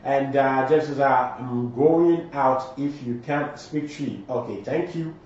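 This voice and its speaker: A man's voice: mid-range voice, takes it slowly, a little mellow. Echoey, distant Ghanaian man hosting. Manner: emphatic, switches between Twi and English. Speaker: morning show host. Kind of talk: live show, reading viewer comments. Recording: very echoey, distant, dull lo-fi sound.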